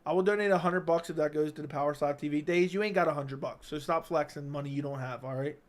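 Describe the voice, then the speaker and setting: A man hosts a casual livestream from his home setup, reading out chat messages. He jokes crudely and needles his viewers, his voice sitting a bit high for a man. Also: fast talker. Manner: crude, joking, teasing chatters. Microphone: studio dynamic mic.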